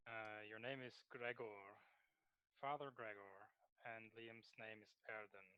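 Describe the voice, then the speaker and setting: A man running the game, speaking calmly and trailing off while he searches notes. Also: on the low side, a little slow, clear, resonant tone, no echo. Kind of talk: casual chat over a game stream. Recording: muffled lo-fi mic.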